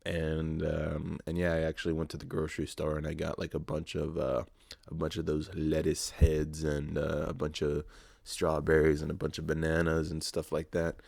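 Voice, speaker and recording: A man's voice: extremely low pitch, completely flat delivery, normal speed, gravelly, a little mellow, no room sound, studio quality. A man in his early twenties hosting a solo podcast, telling a rambling, profane, self-mocking story in casual chat. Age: early 20s. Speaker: podcast host.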